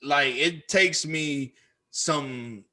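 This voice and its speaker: A man with a Chicago accent telling a story on a podcast, animated and profane, acting out what people said. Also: on the high side, very slow. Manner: animated, profane, acts out quoted lines. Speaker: podcast co-host. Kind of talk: casual storytelling chat.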